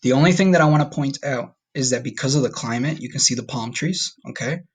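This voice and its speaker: A man's voice: mid-range voice, quick pace, breathy edge. A man teaching a recorded Spanish lesson to his class, friendly and checking in often with "okay?". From United States.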